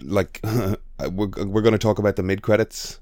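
A man's voice: lowish voice, moderate pace, a little mellow, dry recording, studio quality. A man hosting a casual film chat, frank and picky about how scenes are shot.

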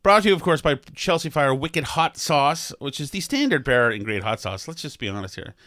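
A man's voice: a little high, sing-song, fairly quick, sharp tone, no echo, clean studio sound. A man in his fifties hosting a podcast, joking and rambling in casual chat. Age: 50s. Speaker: podcast host.

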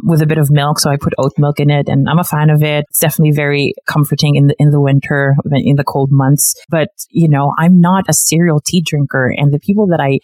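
Low-voiced woman, laughing storyteller. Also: fast, hardly any pauses, no room sound. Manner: animated storyteller, laughs often, acts out quotes. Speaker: guest living in the UK. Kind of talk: casual conversational interview.

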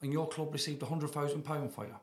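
A man's voice: on the high side, fairly even intonation, fast. A man hosting a podcast interview, asking short follow-up questions. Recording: roomy echo.

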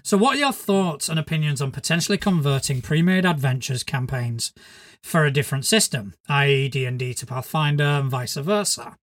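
A man's voice: fairly high pitch, animated, a little fast, a bit bright. Joking male podcast co-host from Spain. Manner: jokey, swears freely. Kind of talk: casual chat.

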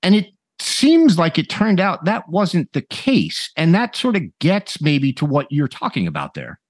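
A man co-hosting a podcast, asking an interview guest quick questions with wry, dry asides. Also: a little high, huge pitch swings, dry recording. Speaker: podcast co-host. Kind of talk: casual interview conversation.

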